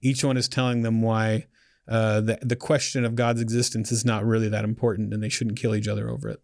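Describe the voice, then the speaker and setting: A man's voice: lowish voice, little pitch movement, fairly quick, gravelly, a little mellow, no echo. Man as author guest in a casual interview; loose, joking delivery with restarts, recorded dry. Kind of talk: casual chat.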